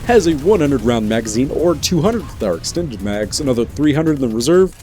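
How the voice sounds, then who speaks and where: A man's voice: medium pitch, sing-song, fairly quick, dark tone, soft background music. A man hosting a gaming video in a playful, jokey commentary style with teasing asides. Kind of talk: casual game commentary.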